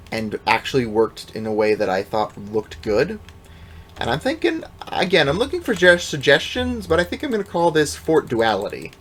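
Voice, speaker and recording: A man's voice: mid-range voice, a little hiss or hum. A man giving casual, rambling commentary over his gameplay, offhand and self-deprecating, with the odd swear. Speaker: let's play gamer.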